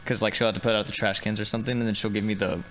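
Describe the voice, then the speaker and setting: A man's voice: fairly low pitch, level tone, very fast, a bit bright, slight background noise. A man in casual podcast banter, rambling through anecdotes and teasing the others.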